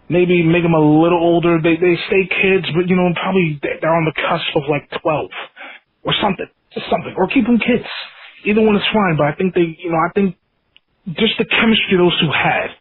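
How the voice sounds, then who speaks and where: A man's voice: high voice, husky. A man calling in to a podcast, talking in a rambling, enthusiastic way with many restarts. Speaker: caller. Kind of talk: casual voicemail call-in. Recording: tinny phone line.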